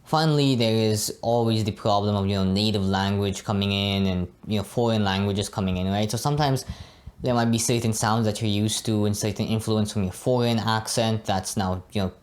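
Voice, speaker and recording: Man, young adult, fairly low voice, relaxed teaching tone, lots of "you know". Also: brisk. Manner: relaxed, frequently adds "right?" and "you know". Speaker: Arabic pronunciation teacher. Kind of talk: casual teaching monologue.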